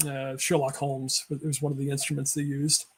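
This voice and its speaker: A man's voice: medium pitch, monotone, moderate pace, a little hiss or hum. A man co-hosting a casual film chat show, rambling through trivia with many fillers and self-corrections. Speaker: podcast co-host.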